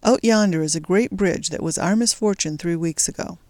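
A woman's voice: lowish voice, fairly quick, darkish tone, no room sound, lightly acted. A woman voicing an earnest young male resistance fighter who speaks with urgency. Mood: urgent.

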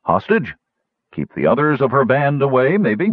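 A man's voice: medium pitch, huge pitch swings, moderate pace, no echo, voice pushed up. A man voicing a crude, mocking male herder, on a dull lo-fi recording. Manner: loud, mocking.

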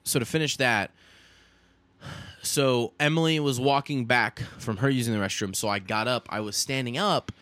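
A young adult man, a podcast co-host, telling a story in casual, animated chat, swearing often and saying "dude". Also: medium pitch, normal speed, no room sound.

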